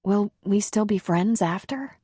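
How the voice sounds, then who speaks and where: A woman's voice: medium pitch, a little slow, breathy edge, dry recording, clean studio sound, voice pushed up. A woman reading a shy, nervous woman. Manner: hesitant, soft-spoken.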